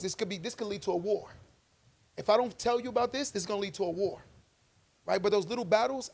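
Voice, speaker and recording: Podcast co-host, male, high gravelly voice, emphatic preachy delivery. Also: a little mellow. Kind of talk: casual debate chat.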